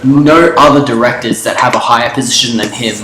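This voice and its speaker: A man's voice: mid-range voice, steady tone, a little fast. Young guy ranting about fallacies, swears a lot, cuts in, echoey room w/ noise. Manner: argumentative, profane, interrupts often. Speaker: co-host debating game lore. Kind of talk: casual debate chat. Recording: roomy echo with clear background noise.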